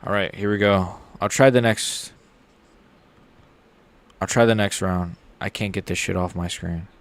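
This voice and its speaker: A young man streaming a live reaction to fights, chatting casually and getting loud and excited when something big happens. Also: unhurried. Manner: casual, excitable, shouts with rising pitch at big moments.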